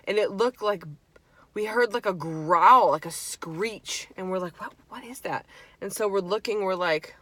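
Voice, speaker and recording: A young woman vlogger telling a spooky story in casual chat, animated and swearing freely. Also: medium pitch, unhurried, no echo. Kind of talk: casual storytime while eating.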